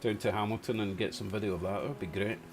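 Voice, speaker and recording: A man's voice: on the low side, fairly even intonation, quick pace, over music. A man from Glasgow with a Glaswegian accent, chatting casually on a live stream as host and answering viewers in the chat. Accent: Glaswegian Scottish. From Scotland. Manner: chatty, reads out chat comments, chuckles to himself. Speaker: model railway livestream host.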